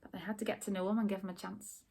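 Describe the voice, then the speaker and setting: A woman teacher reading a rhyming picture book aloud to children, expressive and stopping to ask about the rhymes. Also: medium pitch, racing, gravelly, breathy edge. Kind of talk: storybook read-aloud for children.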